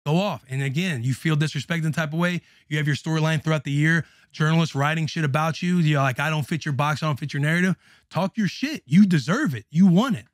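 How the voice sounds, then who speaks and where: Young male podcast host, profane and animated, slightly high voice, dry close mic. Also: fast, no echo. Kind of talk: casual chat.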